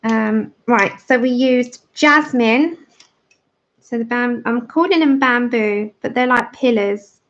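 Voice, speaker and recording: Woman, livestream colouring host, chatty, step-by-step, unhurried, muffled lo-fi sound. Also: fairly high pitch. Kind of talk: casual tutorial chat while colouring. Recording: dull lo-fi livestream audio.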